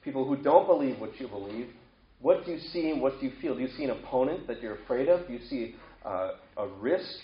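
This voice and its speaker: A man's voice: medium pitch, animated, brisk. A man preaching a sermon in a conversational way, asking his listeners a string of questions. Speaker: pastor. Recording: echoey room, dull lo-fi sound.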